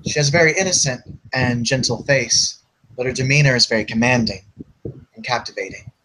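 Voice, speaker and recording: A man's voice: mid-range voice, fairly quick, bright, forceful tone, slight background noise, rough recording. A man playing a tabletop role-playing game, casually describing his character. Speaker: player.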